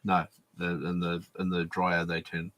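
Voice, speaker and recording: A man hosting a livestream panel chat, answering silly questions with deadpan, absurd jokes. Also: low-pitched, measured pace.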